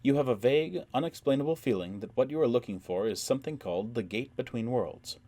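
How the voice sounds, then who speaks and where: A man's voice: medium pitch, quick pace, dark tone, no echo, pitched above the performer's own voice, lightly acted. A man voicing a game master describing scenes in an audiobook. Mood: descriptive.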